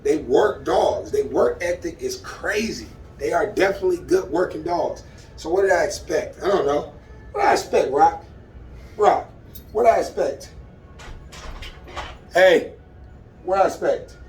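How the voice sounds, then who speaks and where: A man who trains dogs, vlogging as he works with his puppy, talking straight to viewers and swinging from calm explaining to loud excited bursts. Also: a little high, moderate pace, roomy sound, distant mic, soft background music. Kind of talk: excited casual vlog while training a dog. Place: outdoors in a dog enclosure.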